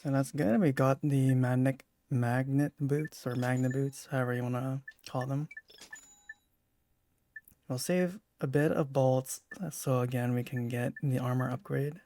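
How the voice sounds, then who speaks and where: A man giving casual let's-play commentary, thinking aloud in a relaxed way with restarts. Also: mid-range voice, unhurried, slight background noise. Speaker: gameplay commentator. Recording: game music and sound effects behind.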